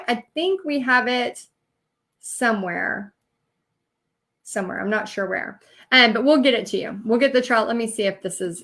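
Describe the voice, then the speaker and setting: A woman's voice: a little high, bright, forceful tone. A woman giving a live-streamed training talk as a business coach, earnest and emotional, rambling with many fillers.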